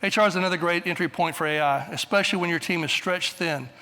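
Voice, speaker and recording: A man's voice: sits high, fast talker, bright, forceful tone, in a large hall. A man in his sixties giving a conference presentation, blunt, straightforward and brief in manner. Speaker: conference speaker. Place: large conference hall.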